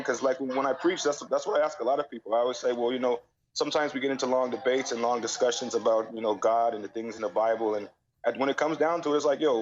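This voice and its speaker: A man who preaches on the street recounts his story in a rapid, casual stream full of fillers. His voice sits at an ordinary pitch. It comes through a dull, muffled line. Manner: rapid, informal, many fillers. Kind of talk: casual interview chat.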